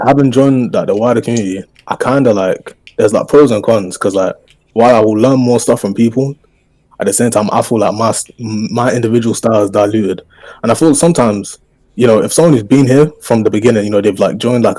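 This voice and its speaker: A man talking quickly and casually in a podcast chat. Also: fairly low pitch, dark tone, dry recording. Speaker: podcast guest editor.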